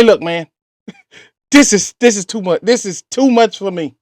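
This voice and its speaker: A man's voice: high voice, moderate pace. A man reacts to a story on his channel. He exclaims, jokes and talks back to it with a lot of energy. His voice sounds close and dry, with no room echo. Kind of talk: animated reaction commentary.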